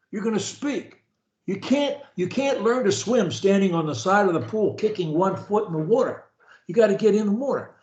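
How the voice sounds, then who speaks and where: Emphatic male speech coach, echoey room. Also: high-pitched. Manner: energetic, emphatic, drills phrases for repetition. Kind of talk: coaching a client. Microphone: video call. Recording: echoey room on a video call.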